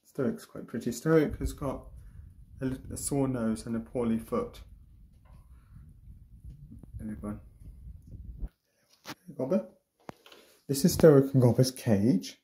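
A woman giving a casual tour of her pet ferrets, jumping into a high sing-song voice to greet them. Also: slow pace, pauses often, mellow, a little hiss or hum. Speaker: pet vlogger.

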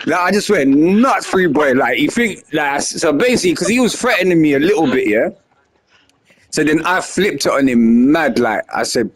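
A young man telling a story casually, animated and slangy, acting out what was said. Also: a little high, normal speed. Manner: animated, slangy, acts out his own lines loudly.

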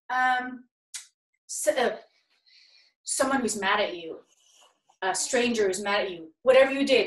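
Young female drama teacher, encouraging, slow-paced, echoey room. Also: medium pitch, fairly bright tone. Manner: upbeat, encouraging, playful. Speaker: acting teacher. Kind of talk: drama workshop for kids.

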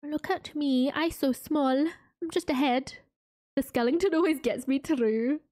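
A woman streaming a game who gushes with excitement and chats with her viewers. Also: sits high, moderate pace, no room sound, clean studio sound. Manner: gushing, excitable, chatting with viewers. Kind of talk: casual live-stream commentary.

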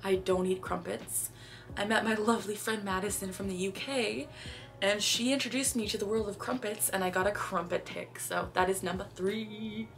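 A woman's voice: medium pitch, fairly even intonation, moderate pace, gravelly, soft background music. A young woman from Canada talking casually to camera in a vlog, chatty, with sudden phrases blurted out between sentences. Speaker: vlogger.

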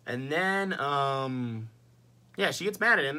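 Young male vlogger, profane exasperated rant, bright voice with lively swings. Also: on the high side, slow. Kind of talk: casual ranting movie review.

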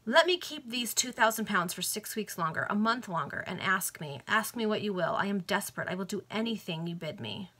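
Lady reading as a cornered victorian banker guy, pleading, agitated, bright tone. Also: medium pitch, animated, a little fast, hardly any pauses, slightly rough. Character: desperate male Victorian banker.

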